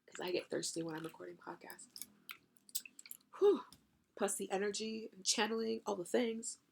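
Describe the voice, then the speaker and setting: A woman's voice: mid-range voice, normal speed, vocal fry, slight background noise. A woman hosting a channeled spiritual podcast, talking effusively with casual swearing and lots of "you know" and "right?". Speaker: podcast host and spiritual coach.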